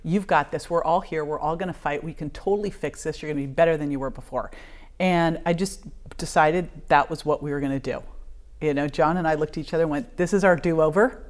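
Brief: middle-aged woman guest with a deep voice, lively storyteller who plays out each quote. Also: fairly quick. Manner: animated, acts out quoted dialogue, laughs often. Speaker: podcast guest. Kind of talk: emotional personal storytelling.

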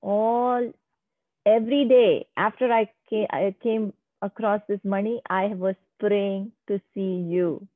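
A woman's voice: medium pitch, fairly even intonation, slow pace, dry recording, close to an everyday voice. A woman voicing an old male bear-king warrior who is devoted and remorseful, speaking in an earnest, pleading way. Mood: yearning. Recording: tinny phone-like, dry sound.

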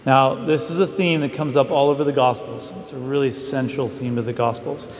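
A man's voice: medium pitch, steady tone, fairly quick, soft background music. A male priest giving a casual, story-driven homily, full of fillers as he talks to the congregation. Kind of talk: conversational mission homily. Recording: echoey hall with long reverb.

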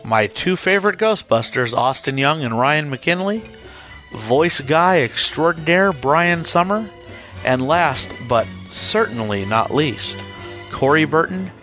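A male podcast host reading out thank-you credits, briskly listing names. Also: fairly high pitch, animated, fairly bright tone, faint music behind.

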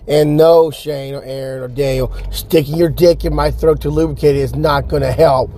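A young man with a gravelly, dry-throated voice hosting a podcast from his car, rambling and profane and laughing at his own jokes. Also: a little high, steady tone, moderate pace, mellow, a little hiss or hum. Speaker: podcast host. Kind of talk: casual solo podcast rant.

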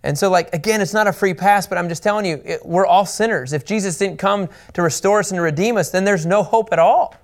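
A man's voice: sits high, fast, few pauses. A man teaching the Bible as a pastor, earnest and emphatic, repeating his key points.

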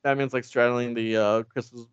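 A man's voice: mid-range voice, flat delivery, moderate pace, smooth, dry recording, dull audio. A man in casual comedic chat, retelling a show with frequent laughs and swearing. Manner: laughs often, swears, acts out characters' lines.

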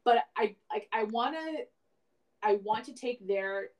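A woman co-hosts a podcast in a relaxed, rambling way. She thinks aloud and scatters "like" through her sentences, with a voice of middling pitch. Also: measured pace, low-quality recording. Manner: rambling, many "like" fillers, reflective. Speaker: podcast co-host. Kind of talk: casual chat.

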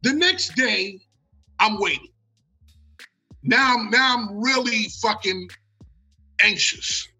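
An American man telling a long story in casual talk. He is animated and profane, and he acts out the quotes. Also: high-pitched, slow pace, long pauses, slightly rough, soft background music, rough recording. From United States. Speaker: guest storyteller.

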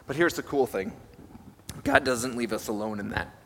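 A man's voice: mid-range voice, huge pitch swings, normal speed, vocal fry, slight background noise. A young male pastor giving a conversational, self-deprecating sermon and putting questions to his listeners. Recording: reverberant hall with faint ambience.

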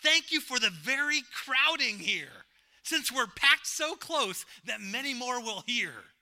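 A man reading aloud as a young woman, an eager and prayerful sister who speaks excitedly and urges others on. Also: very high voice, slow, voice pushed up, full character voice. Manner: excited, insistent urging.

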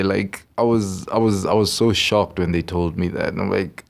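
A young man hosts a casual podcast, talking in an excitable, rambling way and repeating his words. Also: low voice, normal speed, vocal fry, hardly any pauses. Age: young adult. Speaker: podcast host.

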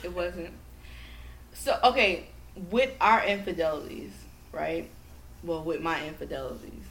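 A woman's voice: lowish voice, animated, unhurried, a bit bright. A woman co-hosting a podcast, telling stories with lots of swearing and laughter. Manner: profane, storytelling, laughing often. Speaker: podcast co-host. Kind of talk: casual chat. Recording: echoey room, faint noise.

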